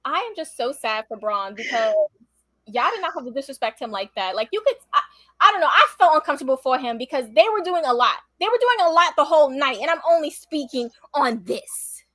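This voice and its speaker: A woman co-hosting a wrestling aftershow, giving blunt, exasperated opinions with sharp retorts in casual chat. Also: sits high, big pitch swings, fairly quick, no echo.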